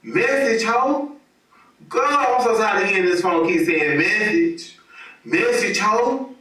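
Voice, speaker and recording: Sassy nagging message-alert voice, put on by a man, bright, high, echoey distant recording. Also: animated, full character voice. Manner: nagging, drawn-out calls of "girl". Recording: echoey room, distant mic.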